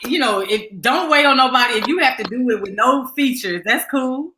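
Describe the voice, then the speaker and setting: A woman's voice: high-pitched, animated, brisk, sharp tone, echoey room, slight background noise, low-quality recording. A woman interview host with a Houston Southern accent, chatty and encouraging with her guest. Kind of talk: casual interview chat.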